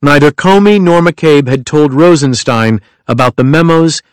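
A man giving a measured, even nonfiction audiobook narration. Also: on the high side, clean tone, no room sound.

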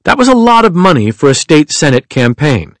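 A man giving a measured, even nonfiction audiobook narration. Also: a little high, no room sound.

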